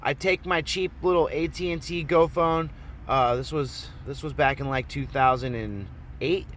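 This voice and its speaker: Male vlogger from Oregon, casual rambling storyteller, cusses freely, slightly high voice. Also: moderate pace, a little hiss or hum. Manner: rambling, profane, animated retelling. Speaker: vlogger telling a personal story.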